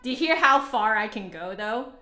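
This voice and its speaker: A woman's voice: on the high side, lively intonation, normal speed, sharp tone, faint music behind. An American woman demonstrating a flute on a casual livestream, chatting straight to her viewers. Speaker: flutist reviewing an instrument. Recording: roomy echo.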